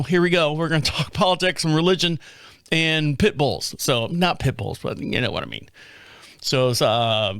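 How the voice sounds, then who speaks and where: A man's voice: fairly high pitch, a bit bright, no echo, clean studio sound. A man in his fifties with an American accent, hosting a casual solo chat show, rambling with restarts and swearing. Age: 50s. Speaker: podcast host.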